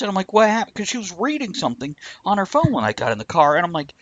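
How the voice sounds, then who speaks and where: A man's voice: high-pitched, fast, no echo, highs cut off. A man hosting a casual chat, telling stories and acting out the quotes. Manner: animated storyteller acting out quotes. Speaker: host.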